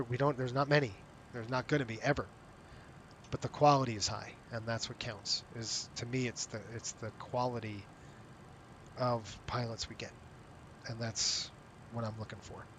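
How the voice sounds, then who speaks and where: A man talking his way through a flight simulator stream, voice pitched right in the middle, drifting from one thought to the next and breaking off his own sentences. He sounds tired and keeps yawning, and he speaks to the viewers directly as friends. Faint low rumble sits under his voice. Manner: rambling, self-interrupting, talks to viewers as "you guys". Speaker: flight sim streamer running a virtual airline. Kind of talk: casual live-stream chat over gameplay.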